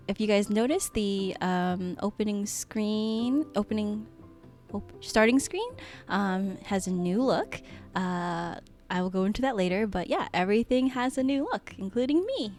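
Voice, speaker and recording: A woman streaming live as a VTuber, chatting with her viewers in a giggly, gushing way and hesitating with many soft ums. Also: mid-range voice. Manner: giggly and gushing, often laughing. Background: faint background music.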